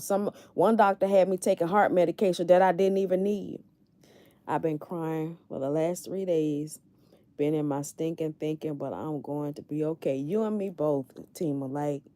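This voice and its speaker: Low, mellow-voiced middle-aged woman. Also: no room sound. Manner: candid, confiding, talks straight to viewers. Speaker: livestream host. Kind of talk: casual live-stream chat. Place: in bed at home.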